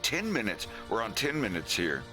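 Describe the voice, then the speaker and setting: A man's voice: fairly low pitch, huge pitch swings, normal speed, bright, forceful tone, faint music behind. A man chatting casually on a live stream, rambling, laughing often and making fun of himself. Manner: laughing, self-mocking, rambling.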